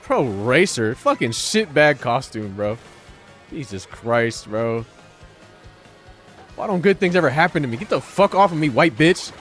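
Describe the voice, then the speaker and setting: A man's voice: medium pitch, sing-song, unhurried, fairly bright tone, faint music behind. A man streaming live while gaming, talking to his chat in a profane, sarcastic, rambling way.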